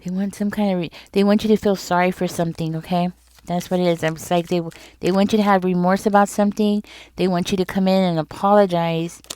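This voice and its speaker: A woman's voice: fairly low pitch, steady tone, fairly quick, mellow, clean tone. A woman giving a casual tarot reading straight to her viewers, talking in a loose, repetitive way and often checking in with them. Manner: conversational, repeats herself, speaks directly to viewers. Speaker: tarot reader.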